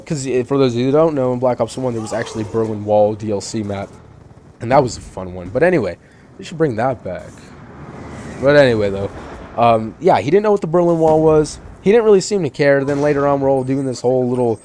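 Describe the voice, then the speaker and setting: A teenage boy talks over his gameplay in a loose, rambling way, stumbling through fillers and restarts. His voice is mellow and unhurried, with a faint hiss of noise behind it. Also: mid-range voice, lively intonation. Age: teens. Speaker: channel host. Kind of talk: gameplay commentary.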